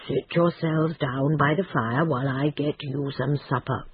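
A woman voicing a deep-voiced, fatherly old male badger in a storybook, speaking slowly. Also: steady tone, breathy edge, no echo, exaggerated voice. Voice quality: deep, slow. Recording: tinny phone-like band.

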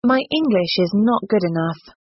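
A woman's voice: medium pitch, lively intonation, no echo, lo-fi sound. A woman reading English phrasebook sentences aloud for a language lesson, in a careful way. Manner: slow, careful phrasebook delivery.

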